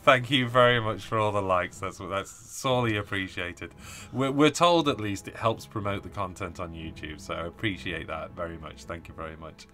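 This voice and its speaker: A man's voice: deep voice, moderate pace, pushed and bright. A man hosting a casual live stream, chatting, laughing often and reading viewer comments aloud. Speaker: host reading live chat.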